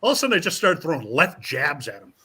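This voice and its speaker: Lively, bright-voiced man telling wild stories. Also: on the high side, fast, husky. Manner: animated, acts out quotes, swears freely. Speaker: guest, professional wrestler. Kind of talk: casual storytelling.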